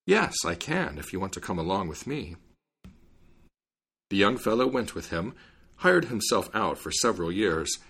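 Man reading a fairy tale, lively pitch. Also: husky. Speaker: reader.

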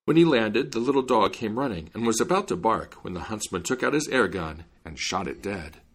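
A man reading a fairy tale aloud in a lively, expressive storytelling manner. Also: lowish voice, a little fast, breathy edge. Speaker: reader.

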